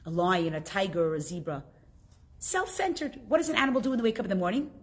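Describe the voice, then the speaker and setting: Lively woman teaching a class. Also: mid-range voice, quick pace. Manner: lively, asks the class questions.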